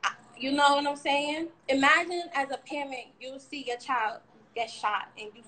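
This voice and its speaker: A woman's voice: high-pitched, fairly even intonation, moderate pace, pushed and bright, low-quality recording. A young woman telling a candid, rambling personal account of a frightening ordeal on a livestream, cursing now and then. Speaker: shooting survivor sharing her story.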